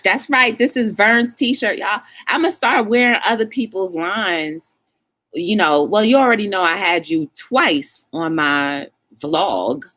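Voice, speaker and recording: Woman, talk show host, animated pitch, casual live-stream chat, plays both voices in her stories. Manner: animated storytelling, acts out both sides of dialogue; addresses viewers as y'all.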